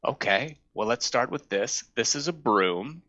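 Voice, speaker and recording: Brief: male improviser as rambling old-hand wand shop worker, bright tense tone, dull call audio. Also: medium pitch, expressive, measured pace, no echo. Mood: weary lecturing. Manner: rambling, world-weary, lecturing a newcomer. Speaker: improv performer. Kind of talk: improvised comedy scene.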